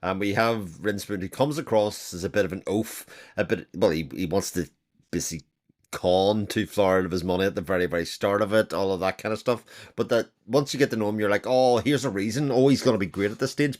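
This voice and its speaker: A man in a casual book discussion, thinking aloud in long, rambling sentences. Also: deep voice. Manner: thoughtful, rambling with restarts. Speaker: book club member.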